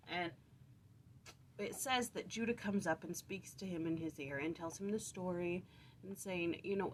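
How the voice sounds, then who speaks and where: A woman talks through a scripture passage in a relaxed, chatty way, correcting herself as she goes. Her voice sits on the low side. A faint hum of room ambience runs underneath. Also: moderate pace. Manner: chatty, self-correcting, acts out quotes playfully. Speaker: scripture study vlogger. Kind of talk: casual scripture study and retelling.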